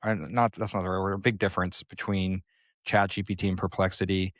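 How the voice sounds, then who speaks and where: A man co-hosting a casual podcast, explaining at length and thinking aloud with frequent pauses. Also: low-pitched, flat delivery, no echo, studio quality. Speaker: podcast co-host.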